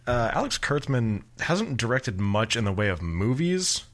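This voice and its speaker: A man's voice: medium pitch, big pitch swings, measured pace. A man co-hosting a casual movie podcast, joking and teasing his co-host.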